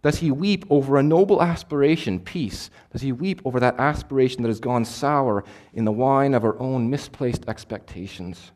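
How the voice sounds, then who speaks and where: A man preaching a sermon, swinging between emphatic, louder passages and hushed, quiet ones. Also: medium pitch, normal speed, few pauses. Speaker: pastor.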